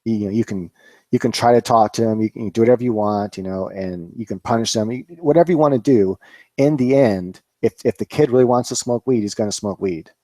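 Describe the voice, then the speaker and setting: A man in his forties hosts a loose live-stream chat, rambling with many fillers and frequent swearing. His voice sits low and dark. The room sounds dry and close. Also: brisk, no room sound. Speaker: cannabis grower, channel host.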